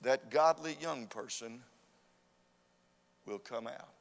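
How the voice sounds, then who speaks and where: Fervent preacher in a reverberant church. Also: male voice, mid-range voice, takes it slowly, gravelly. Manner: fervent, repetitive emphasis, rising to loud urging. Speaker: visiting preacher. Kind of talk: revival sermon. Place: church sanctuary. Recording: long church hall reverb.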